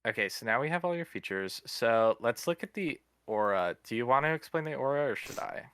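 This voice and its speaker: Clear, smooth man explaining game rules. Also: medium pitch, brisk, dry recording. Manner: steady, explanatory, walks through steps. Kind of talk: casual explanation.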